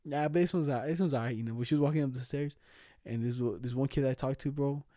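A man's voice: medium pitch, fast talker, mellow, no room sound, studio quality. A young man in casual chat, telling school stories in slangy, profane talk and laughing often.

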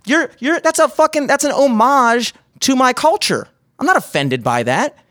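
A man's voice: very high-pitched, normal speed, no echo, studio quality. A man co-hosting a podcast, cursing a lot and telling jokes in crude casual banter. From Greek and Italian heritage. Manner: profane, animated joke-telling. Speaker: podcast co-host. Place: remote podcast recording.

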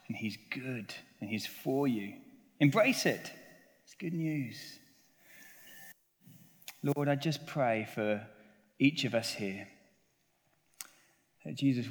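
A man preaching a sermon as pastor, reading scripture earnestly and praying with his listeners. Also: mid-range voice. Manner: earnest preaching, swelling on scripture and dropping soft at the close. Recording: long church reverb.

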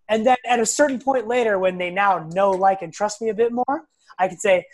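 A young physical therapist appears as a podcast guest, speaking a little fast in a high-pitched voice. He's blunt and casual, an animated storyteller who acts out quotes and swears now and then.

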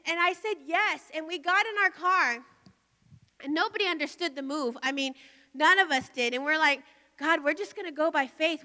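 Bright-voiced woman preaching in a hall. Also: very high-pitched. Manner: emotional, storytelling with rising intensity. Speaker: pastor. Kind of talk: sermon testimony. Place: large hall at a conference. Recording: long hall reverb.

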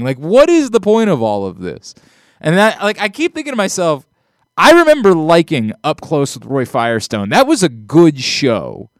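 Smooth-voiced exasperated male podcast host. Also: a little high, huge pitch swings, normal speed, dry recording, studio quality. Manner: rambling, exasperated, restarts often. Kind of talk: casual chat.

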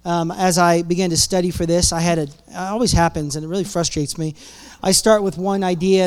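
Male pastor, casual sermon delivery, resonant and smooth. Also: high-pitched, fairly bright tone. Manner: casual, chatty preaching with self-interruptions. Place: church.

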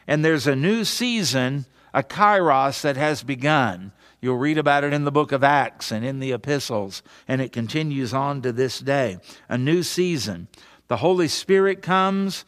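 A man preaching a sermon, earnest, rising on key phrases and dropping to a soft hush near the end. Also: on the high side.

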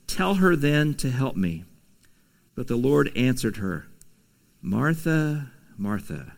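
A man preaching a conversational sermon, reading scripture and adding casual asides with soft laughs. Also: medium pitch, sing-song, slow pace, gravelly. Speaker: pastor.

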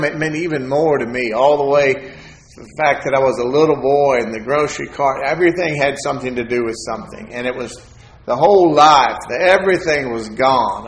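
A man's voice: on the high side, echoey room. A man preaching a testimony, telling a folksy story and acting out the voices of the people in it. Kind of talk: sermon testimony.

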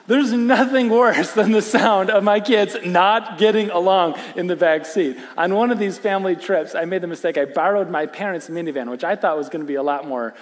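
A middle-aged man preaching a sermon in a church, telling a family story with animated, self-deprecating humor. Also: high-pitched. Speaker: pastor. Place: church sanctuary. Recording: reverberant church hall.

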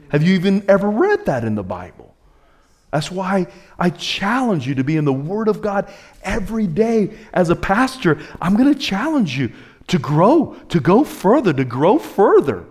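A man preaching a sermon as pastor, swinging his pitch high and low and calling out to the congregation. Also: huge pitch swings, normal speed, a little mellow, slightly rough.

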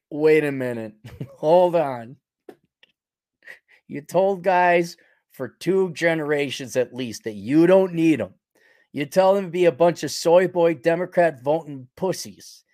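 A man's voice: a little high, darkish tone, no room sound, studio quality. A middle-aged man hosting his own podcast, talking in a rambling, sarcastic, opinionated monologue full of restarts and chuckles. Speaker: podcast host.

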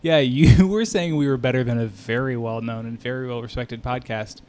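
A man's voice: mid-range voice, normal speed, a little mellow. A man co-hosting a podcast in casual chat, playful and laughing often as he riffs on silly images. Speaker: podcast co-host.

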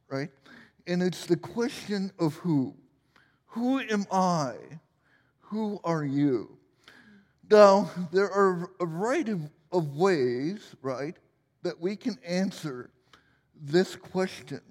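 In a church sanctuary, a pastor in his forties delivers a sermon full of jokes and self-deprecating stories. His voice sits high and sounds a little mellow, carrying a big-room echo.

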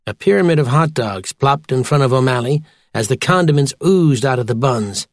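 A man narrating a children's audiobook in a lively, expressive way. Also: medium pitch, normal speed, no echo, clean studio sound. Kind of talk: scripted narration.

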